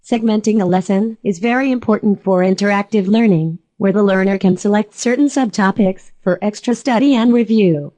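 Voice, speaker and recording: A synthetic female voice giving a calm, explanatory scripted lesson narration. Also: mid-range voice, moderate pace, hardly any pauses, dry recording.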